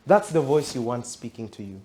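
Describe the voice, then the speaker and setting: A man's voice: mid-range voice, very animated, brisk, mellow. Emphatic man preaching a sermon. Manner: emphatic, repeats questions to the audience. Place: church event hall.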